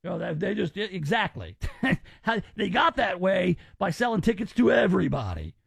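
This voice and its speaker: Man, radio talk host, high-pitched, gravelly, opinionated, casual chat. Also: big pitch swings, moderate pace, a bit bright, dry recording, studio quality. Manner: chatty, opinionated, conversational.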